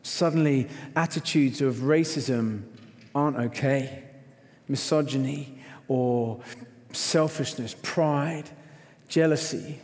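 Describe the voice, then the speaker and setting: A middle-aged man preaches at a conference in a large performing arts hall, delivering a sermon built around a story he tells animatedly, acting out quoted lines with shouts. His mid-range voice takes it slowly, and the recording carries long hall reverb.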